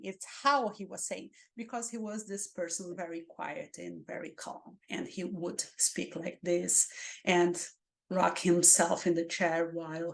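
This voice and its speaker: A woman with a Spanish accent, a native Spanish speaker, giving interview coaching and acting out dull and excited ways of talking. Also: medium pitch, vocal fry. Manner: animated, demonstrates dull and excited delivery. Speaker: career mentor.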